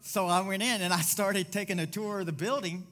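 A man's voice: sits high, steady tone, brisk, fairly bright tone. A middle-aged man pastor preaching a sermon with a personal story, rambling and digressive, repeating himself for emphasis.

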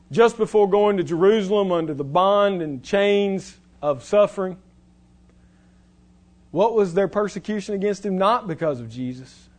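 High-voiced earnest preacher. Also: male voice. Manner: earnest, exhorting, builds to a rising list of titles. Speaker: pastor. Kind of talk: sermon.

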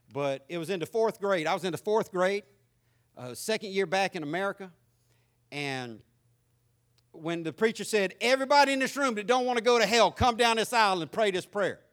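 A man in his fifties with a Southern accent, preaching a sermon and telling his own story in a folksy, animated way, swinging from loud to quiet. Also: medium pitch. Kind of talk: sermon with personal testimony.

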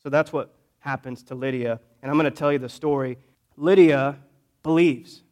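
Pastor preaching a conversational storytelling sermon. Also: male voice, medium pitch, fairly even intonation, moderate pace. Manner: conversational, swings between loud emphasis and quiet asides.

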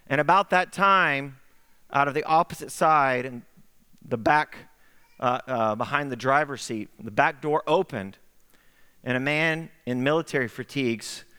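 A middle-aged man preaching a sermon, telling a story in an animated way and acting out the voices he quotes. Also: medium pitch, clear, resonant tone. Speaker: pastor. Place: church sanctuary. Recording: echoey sanctuary with long reverb.

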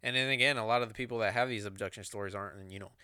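A man's voice: fairly low pitch, steady tone, racing, bright, forceful tone, clean tone, dry recording, studio quality. A man co-hosting a podcast, swearing freely as he speculates in loose casual chat.

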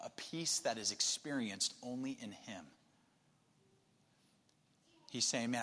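Male pastor, sermon, bright tone, long reverb tail, whisper-soft to emphatic delivery. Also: on the low side, husky. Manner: shifts between soft near-whispers and emphatic raised passages.

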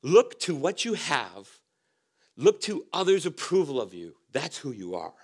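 A man delivers a sermon as pastor, his voice sitting a bit higher than most men's. He leans on repeated phrases for emphasis and often sinks into soft, low lines. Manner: emphatic preaching with repetitions and sudden drops to soft tones.

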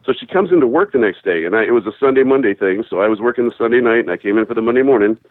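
A man's voice: mid-range voice, expressive, racing, no echo. Brief: male caller, profane rambling storyteller, tinny phone line, very dry. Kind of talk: casual storytelling.

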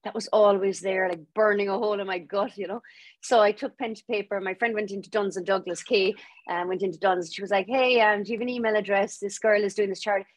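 A woman's voice: medium pitch, fast, dry recording. Chatty Irish woman telling a story. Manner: lively, laughing storyteller acting out quoted voices. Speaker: guest author. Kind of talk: storytelling interview.

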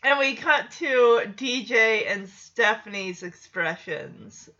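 A woman's voice: on the high side, slow pace, pushed and bright, muffled recording. A woman giving a chatty, casual recap of a TV episode, laughing often and acting out quoted lines. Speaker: show recapper.

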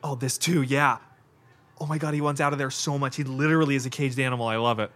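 A man of middle pitch talks through a horror film as it plays, in a loose, unscripted way. He gasps, swears and laughs as the action unfolds, with plenty of "like" and "God" between his thoughts. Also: fast. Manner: excitable, reacts aloud with frequent laughs and exclamations; casual and profane, with lots of fillers like "like" and "God". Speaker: podcast host. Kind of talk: live movie watch-along commentary.

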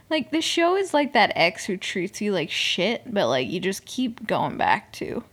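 Chatty expressive young woman podcaster. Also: mid-range voice, moderate pace, hardly any pauses. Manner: chatty and expressive, swears, drops into whispers and mock outrage. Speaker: podcast host. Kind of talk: casual reality-show recap podcast. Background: air conditioner noise.

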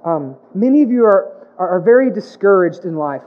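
A man's voice: sits high, animated, moderate pace. A man delivers a sermon as pastor. He preaches with emphatic repetition and playful asides. The recording sounds dull and lo-fi. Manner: emphatic preaching with comic put-on voices, repeated phrases.

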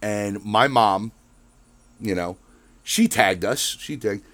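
A man's voice: fairly low pitch, slow, a bit bright, dry recording. A man hosting his own show, ranting in a casual, rambling monologue full of swearing and filler words. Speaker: podcast host.

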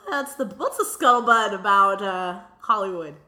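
A woman's voice: mid-range voice, moderate pace, pushed and bright. A young adult woman co-hosting a podcast in casual chat, giggly and playful with lots of jokes. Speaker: podcast co-host. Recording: echoey room.

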